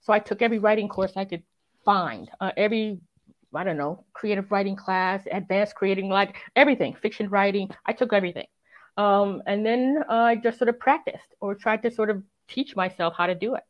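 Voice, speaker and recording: A woman who is a crime writer, speaking as an interview guest, reflective and earnest, often filling pauses with "um" and "sort of". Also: medium pitch, dull audio. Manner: reflective and earnest, many fillers and "sort of" hedges. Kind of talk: conversational interview.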